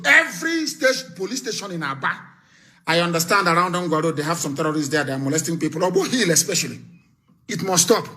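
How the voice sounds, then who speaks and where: A middle-aged Nigerian man delivering a fiery live political broadcast, threatening and lecturing, repeating his warnings with sudden shouts. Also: fairly high pitch. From southeastern Nigeria.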